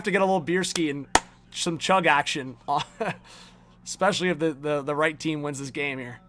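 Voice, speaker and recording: A man's voice: on the high side, moderate pace, bright, forceful tone, slight background noise. Upbeat man reading out live chat. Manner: upbeat, rattles off viewer names, laughs often. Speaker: live stream host.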